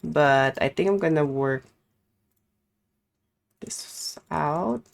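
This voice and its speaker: Low-voiced woman streamer chatting casually. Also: extremely slow, creaky. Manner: chatty, rambling, swears and apologizes in a rush. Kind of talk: casual live-stream chat while gaming.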